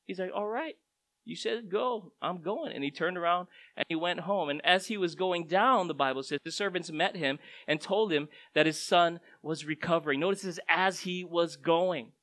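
A man's voice: fairly high pitch, normal speed, few pauses, pushed and bright, low-quality recording. A man preaching a sermon in a conversational, storytelling way, his voice rising and dropping for emphasis. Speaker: pastor.

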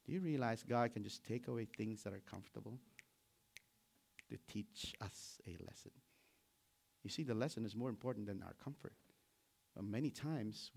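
A middle-aged man preaching a sermon in an animated way, acting out biblical characters and laughing as he goes. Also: medium pitch. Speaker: pastor.

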